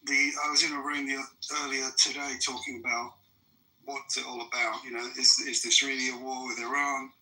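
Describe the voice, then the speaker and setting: A man's voice: medium pitch, little pitch movement, normal speed, pushed and bright, rough recording. A man, ranting in fury and swearing hard during a heated live debate. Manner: furious, profane ranting. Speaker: debate participant.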